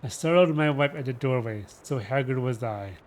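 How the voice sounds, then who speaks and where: Dude reading a classic book out loud on stream, dramatic, leans on words, mid-pitched. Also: male voice. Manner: dramatic, slow with shifting emphasis. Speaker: reader. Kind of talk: reading a novel aloud on a livestream.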